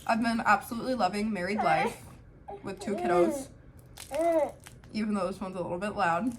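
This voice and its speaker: A woman's voice: mid-range voice, animated, moderate pace. A young woman in her twenties talking candidly to camera at home as a family vlogger, reflective and loose, with plenty of "um" and "like". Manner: candid, reflective, many "um" and "like" fillers. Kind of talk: casual talk to camera. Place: home, with a baby in her arms. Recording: faint background noise.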